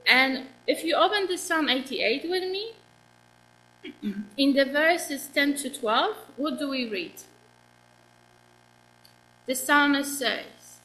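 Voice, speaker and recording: Slow, high-voiced woman preaching. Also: a bit bright, rough recording. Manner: earnest, asks the congregation questions. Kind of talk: sermon.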